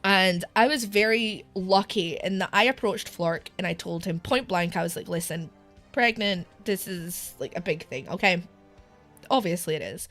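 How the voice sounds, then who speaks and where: A woman's voice: fairly high pitch, a bit bright. A young British woman streaming live, with a sore throat, talking candidly and emotionally, near tears and laughing between sentences. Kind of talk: casual live-stream chat.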